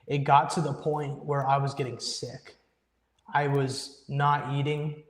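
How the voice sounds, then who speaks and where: A young musician, appearing as an interview guest, earnestly tells a personal story, often quoting his own past thoughts with emphasis. His mid-range voice barely moves in pitch and runs a little slow, and the room is echoey with long reverb.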